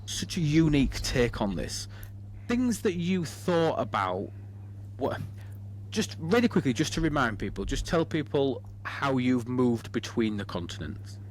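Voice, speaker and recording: A man's voice: medium pitch, very animated, normal speed, a little hiss or hum. A man with a Hull accent hosting a podcast, rambling in casual chat and often asking if the listener agrees. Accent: Hull, England. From Hull, England. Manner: chatty, rambling, asks for agreement. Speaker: podcast host.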